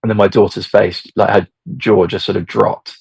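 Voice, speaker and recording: A middle-aged man tells a story in a relaxed, meandering way, full of fillers and restarts. His voice sits low and gravelly, with a husky edge. The recording is close and dry. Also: normal speed, no room sound. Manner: hesitant, many fillers and restarts. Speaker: podcast guest, football fan. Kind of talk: casual storytelling.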